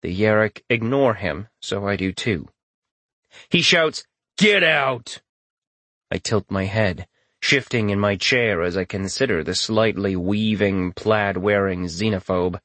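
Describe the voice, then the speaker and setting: A man's voice: on the low side, unhurried, fairly bright tone, no room sound. Male audiobook narrator, dry close sound. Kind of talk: first-person fantasy narration.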